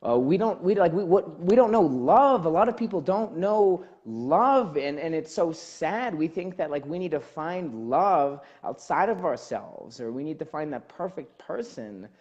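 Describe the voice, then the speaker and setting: A man hosts a casual podcast talk and speaks as a life coach. His pitch jumps around a lot while he rambles and restarts. The sound is dull and a little lo-fi. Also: measured pace, few pauses. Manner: animated, rambling, frequent fillers and restarts. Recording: dull lo-fi audio.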